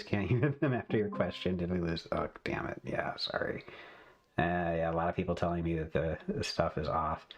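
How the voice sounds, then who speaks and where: A man's voice: low-pitched, dull audio. A man hosting a casual livestream chat, rambling loosely and laughing often. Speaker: host.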